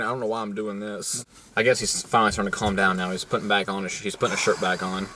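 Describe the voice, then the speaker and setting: A man's voice: fairly low pitch, level tone, fast talker, background noise. A man hosting a casual vlog, rambling and joking crudely with many fillers and restarts. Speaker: vlog host.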